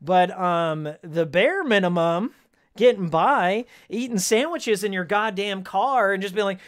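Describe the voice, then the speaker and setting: A man with a high-pitched, slightly slow voice streams a video game and chats casually with his viewers. He goes on a heated, sarcastic rant and laughs often.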